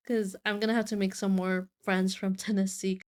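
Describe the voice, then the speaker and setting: A woman's voice: mid-range voice, little pitch movement, normal speed, a little mellow. A woman casually reacting to a video, chatty and giggly, with playfully exaggerated remarks.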